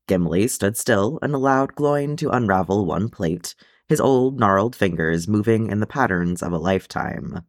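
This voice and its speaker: A man with a low voice reads a story chapter aloud, telling it expressively. His pitch rises and falls widely, and the recording is dry and close, with no room sound. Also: animated, moderate pace, few pauses, no room sound. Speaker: audiobook reader. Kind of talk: reading fan fiction aloud.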